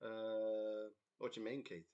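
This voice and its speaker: Recorded on a computer mic during a livestream, a young English man from a band chats casually, laughing often through a rambling story and reading out what viewers write. His voice is lowish, dark, smooth and monotone, unhurried in pace, and the audio sounds dull.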